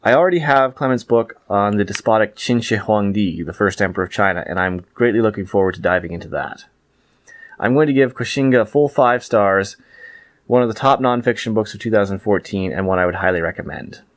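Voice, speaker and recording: Low-voiced man reading a book review. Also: fairly quick, dry recording.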